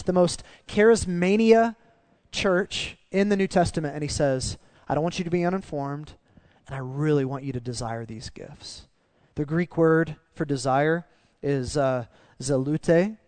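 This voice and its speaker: A man preaching a sermon as pastor, animated and swinging down to quiet emphasis on key phrases. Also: a little high, no echo.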